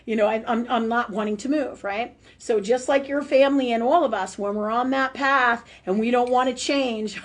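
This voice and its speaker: A woman talks straight into her stream as the host of a spiritual show, her voice sitting a little high. She rambles through a personal story, dropping casual swear words. She checks in with "right?" after nearly every point. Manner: chatty storyteller, tags sentences with "right?", swears freely. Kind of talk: live-streamed casual monologue. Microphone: webcam or phone on a live stream.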